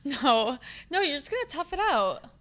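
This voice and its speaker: A woman's voice: high-pitched, sing-song, moderate pace, fairly bright tone. A young woman co-hosting a podcast in a casual, upbeat chat, with a lot of "like". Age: young adult. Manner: upbeat, chatty, frequent "like". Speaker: podcast co-host.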